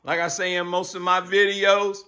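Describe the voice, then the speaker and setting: High bright-voiced man rambling. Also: flat delivery, normal speed. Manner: chatty, rambling storytelling. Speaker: bike builder vlogger. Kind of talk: casual chat to camera.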